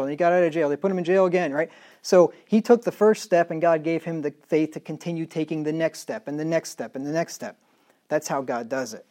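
A middle-aged male pastor preaching a sermon emphatically, reading scripture slowly and dropping into quiet asides. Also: a little high. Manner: emphatic preaching, reads scripture in slow measured tones, drops to quiet asides.

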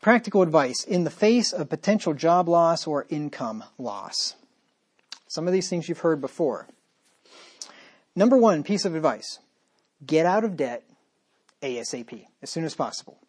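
A man's voice: a little high, expressive, moderate pace, a little mellow, breathy edge. A man preaching a sermon as pastor, talking straight to his listeners with emphatic repetition and rhetorical questions.

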